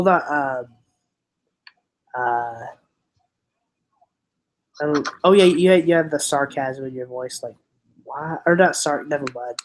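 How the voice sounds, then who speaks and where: A man's voice: on the high side, slight background noise, poor audio. A young man hosting a casual livestream chat, rambling and giggly, often restarting his sentences. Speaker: livestream host.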